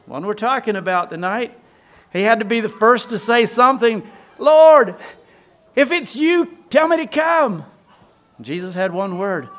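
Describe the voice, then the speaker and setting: A man with a high voice preaches a sermon, telling scripture as a lively story. He keeps asking his listeners questions and answering them himself.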